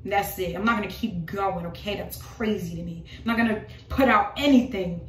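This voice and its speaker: A woman's voice: medium pitch, normal speed, far from the mic, slight background noise. A woman delivering an informal prophetic sermon, emphatic and repetitive, driving her points home with rhetorical questions. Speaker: preacher. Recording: roomy voice from off the mic.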